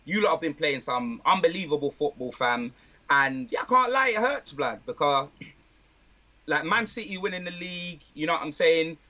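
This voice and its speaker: A man chatting casually about football, full of street slang and lively banter. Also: a little high, normal speed, lo-fi sound. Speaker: guest, football fan. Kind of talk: casual chat.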